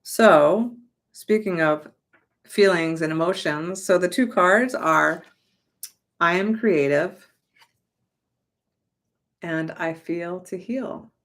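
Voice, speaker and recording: Chatty, emphatic woman with a lowish voice. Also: takes it slowly, long pauses. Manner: chatty and emphatic, swears casually, exclaims loudly. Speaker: manifestation coach. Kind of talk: casual motivational talk to camera.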